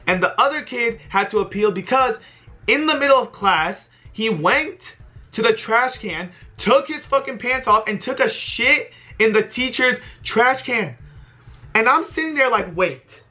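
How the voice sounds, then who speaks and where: A young man telling a casual storytime vlog, animated and exasperated, with frequent swearing. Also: very high-pitched, measured pace, soft background music. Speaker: vlogger.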